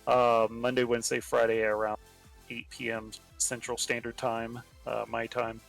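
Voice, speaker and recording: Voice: medium pitch, flat delivery, normal speed, vocal fry, faint music behind. Laid-back streamer with a subtle Texan accent. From Texas. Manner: laid-back, laughs often. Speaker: VTuber streamer, interview guest. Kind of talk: casual livestream interview.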